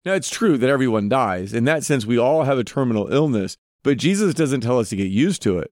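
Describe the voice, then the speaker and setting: A man of middle pitch gives earnest devotional Bible teaching as a podcast host. He often turns to the listener with direct questions. The sound is close and dry, with no room around it. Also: lively intonation, a little fast, darkish tone, no room sound.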